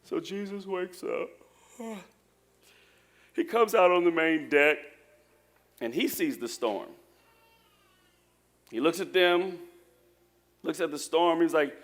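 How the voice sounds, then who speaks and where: A man preaching a lively sermon in a church, joking with the congregation. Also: a little high, slow pace, pauses often. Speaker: pastor.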